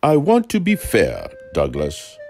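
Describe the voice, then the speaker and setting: A man's voice: on the low side, huge pitch swings, gravelly, a little mellow, faint music behind, full character voice. A man voicing a stern older railway director who speaks dryly and thoughtfully. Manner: dry, measured.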